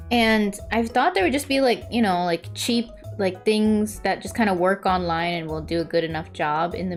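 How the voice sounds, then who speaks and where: A woman in her twenties chatting casually while drawing on stream, telling stories with frequent laughter and high-pitched impressions of relatives. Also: a little mellow. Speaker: vtuber streamer.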